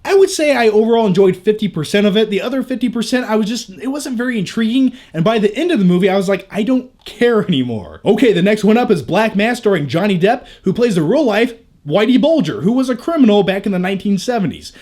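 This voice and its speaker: A man's voice: high voice, animated, quick pace, few pauses, a little mellow. A young man chatting casually on a movie review vlog, candid and jokey, with crude asides.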